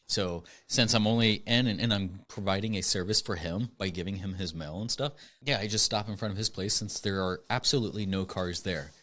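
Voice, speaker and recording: Low-voiced man telling a rambling story. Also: a bit bright. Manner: rambling, lots of "like" fillers. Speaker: podcast co-host. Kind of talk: casual storytelling chat.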